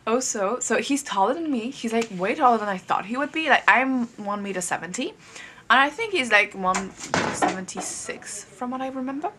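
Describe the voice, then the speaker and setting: Young woman vlogger, crisp bright tone, chatty and rambling, talks to camera from home. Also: fairly high pitch, normal speed, a little hiss or hum. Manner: rambling, filler-heavy, animated retelling. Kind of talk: casual storytime chat to camera. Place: at home, moving between rooms.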